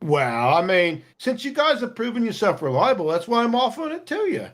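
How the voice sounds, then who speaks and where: Shifty merchant boss, high smooth-talking haggler, done by a man as game master. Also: huge pitch swings, fairly quick, a bit bright, heavily acted. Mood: haggling. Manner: smooth-talking, haggling, calls everyone friends.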